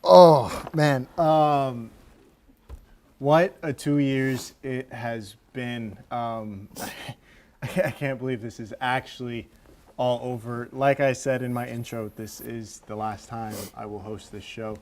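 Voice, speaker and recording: A man's voice: medium pitch, steady tone, takes it slowly, slight background noise. A young man hosting a student sports show, talking in an upbeat, jokey, casual way. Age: young adult. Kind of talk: casual chat.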